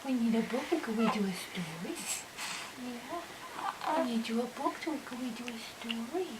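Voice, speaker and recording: High-voiced grandma cooing baby talk. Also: female voice, lively intonation, moderate pace. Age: older. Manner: sing-song coaxing, often drops to a whisper. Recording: home video with loud background noise.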